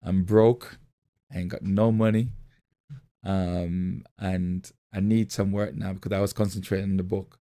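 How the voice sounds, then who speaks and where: A man's voice: deep voice, little pitch movement, a little slow, mellow. A middle-aged male pastor giving a motivational sermon, telling a personal story and repeating key phrases. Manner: storytelling, repeats phrases, acts out quoted voices.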